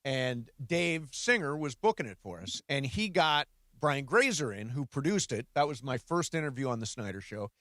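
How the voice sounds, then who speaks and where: A man's voice: medium pitch, big pitch swings, moderate pace, hardly any pauses, fairly bright tone, no echo, clean studio sound. An older man co-hosting a sports radio show, chatty, wry and full of opinions. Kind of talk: casual sports radio chat. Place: radio studio.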